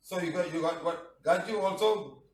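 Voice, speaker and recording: Speaking at a moderate pace in a voice on the high side, a middle-aged healing teacher teases his live class and reads out viewer comments, tagging phrases with "huh?" and "lah". The mic is distant and the room echoes.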